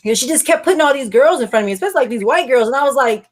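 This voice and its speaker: A woman hosts a podcast in a chatty, casual way. Her voice sits a little higher than most women's, and she slips into the voices of the people in her story as she tells it. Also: expressive, very fast. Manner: chatty, acting out quoted voices. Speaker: podcast host.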